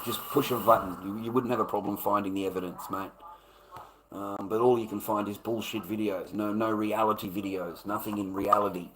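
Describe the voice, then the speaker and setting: A man with an Australian accent talks straight to his live chat in a low voice. He rambles, circles back on his own phrases and swears heavily as he defends himself. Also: fairly even intonation, brisk, noisy background. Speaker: livestreamer. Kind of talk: casual ranting to a live chat.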